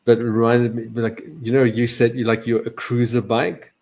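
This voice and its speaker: A man's voice: mid-range voice, little pitch movement, moderate pace, darkish tone. A man co-hosting a trading podcast, joking, laughing often and asking questions. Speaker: co-host. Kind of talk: casual podcast banter.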